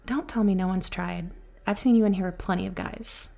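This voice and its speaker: A woman playing a husky, whispering flirty bartender. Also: medium pitch. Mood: tender. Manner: soft, slow, soothing, teasing. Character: flirty, caring adult female bartender. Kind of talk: whispered role-play.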